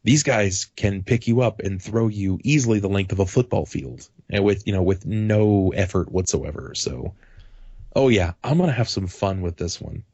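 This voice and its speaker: A low-voiced man chatting on a podcast, rambling and animated about the tabletop campaigns he runs. The sound is dry and a little dull, like lo-fi home podcast audio. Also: moderate pace, slightly rough, no echo. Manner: animated, rambling, swears casually. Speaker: podcast guest, tabletop game master. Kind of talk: casual podcast chat.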